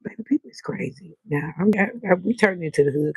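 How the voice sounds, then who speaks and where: Gravelly, husky woman chatting late at night. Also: fairly low pitch, quick pace, few pauses, no room sound. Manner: loud, animated, cusses freely. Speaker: livestream host. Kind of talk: late-night livestream chat. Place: balcony outdoors at night.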